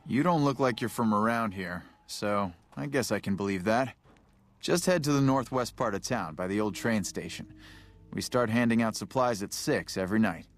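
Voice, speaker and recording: Plainspoken game soldier played by a man, lowish, faint music behind. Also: moderate pace, lightly acted. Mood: friendly. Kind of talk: video game dialogue.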